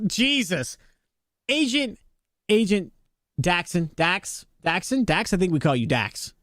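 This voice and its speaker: A man streaming a game live, talking to his chat in an excitable, flustered, joking way. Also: high-pitched, slow, long pauses, dry recording, studio quality.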